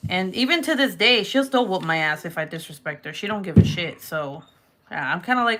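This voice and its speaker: A woman chats casually at home while she works on clay crafts. Her voice is bright and clear. She talks candidly, swears freely and laughs often. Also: fairly low pitch, animated, a little fast. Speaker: polymer clay crafter vlogger.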